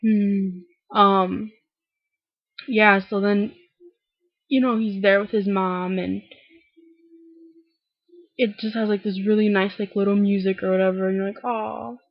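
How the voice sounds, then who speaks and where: A woman's voice: medium pitch, level tone, measured pace, long pauses, no echo. A young woman casually recapping a TV episode, gushing, filling her talk with "like" and acting out the characters' lines. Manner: gushing, heavy use of "like", acts out characters' lines. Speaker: TV recap vlogger. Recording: dry dull lo-fi webcam audio.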